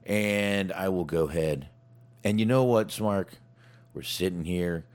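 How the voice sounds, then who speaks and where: A man with a very deep voice hosts a casual chat show. He talks in a halting way and keeps restarting his sentences. Fillers like "um" and "like" run all through his speech. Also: a little mellow. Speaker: podcast host.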